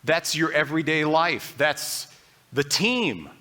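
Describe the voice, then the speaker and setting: A man's voice: fairly high pitch, lively intonation, slow, pushed and bright. A man preaching a sermon as pastor, speaking earnestly and conversationally and acting out people's doubts in his own voice. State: briefly choked up.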